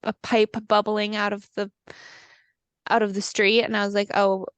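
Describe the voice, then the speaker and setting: A woman's voice: mid-range voice, little pitch movement, normal speed, smooth, dry recording. A young woman co-hosting a podcast, chatting casually and laughing easily over a video call from her parents' house. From California. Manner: chatty and giggly, fond of filler words. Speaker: podcast co-host. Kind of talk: casual chat.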